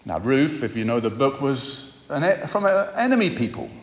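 A man preaches a sermon. He speaks in a measured, unhurried way and leans on repetition for emphasis. His voice rings out in a hall with long reverb. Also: medium pitch, very animated.

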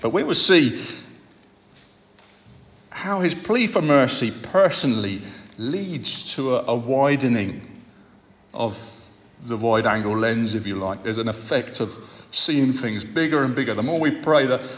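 A man preaches a sermon. He speaks in a measured, unhurried way and leans on repetition for emphasis. His voice rings out in a hall with long reverb. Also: medium pitch, animated, fairly bright tone.

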